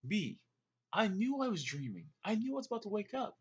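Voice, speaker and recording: Man, husky voice, rambling casual storytelling, lo-fi sound, lots of ums and restarts. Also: sits high, very animated. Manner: rambling, searching, quick restarts and fillers. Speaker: vlogger recounting a dream.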